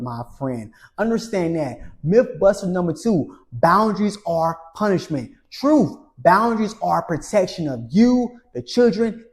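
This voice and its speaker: A man coaching in a motivational monologue, preachy and emphatic, listing rules in short punchy phrases and often ending with a soft, low "my friend.". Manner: preachy, repeats "my friend" with a dropped, quiet tail. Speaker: relationship coach.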